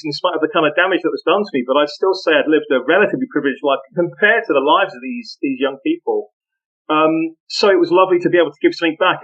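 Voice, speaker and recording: Brief: male podcast guest, higher voice, animated anecdotes, muffled lo-fi sound. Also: slightly rough. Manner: animated, laughing, full of anecdotes. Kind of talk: casual storytelling interview.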